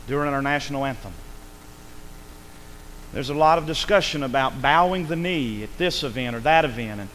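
Emphatic preacher man, rising and hushing. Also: medium pitch, a little hiss or hum, low-quality recording. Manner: emphatic, swings between loud calls and hushed lines, asks the congregation for amens. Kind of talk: sermon.

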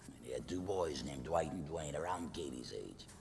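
Deep-voiced man preaching a sermon. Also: expressive, moderate pace, creaky, soft background music. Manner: storytelling with acted quotes, dramatic swings from loud to hushed. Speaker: pastor. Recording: long reverb, faint noise.

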